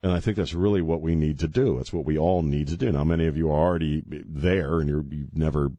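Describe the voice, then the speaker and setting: A man's voice: a bass voice, fairly even intonation, fast, warm tone, no room sound. A man hosting a talk radio show, rambling casually and joking at his own expense, then turning earnest about faith. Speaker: radio host. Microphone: studio mic with headphones.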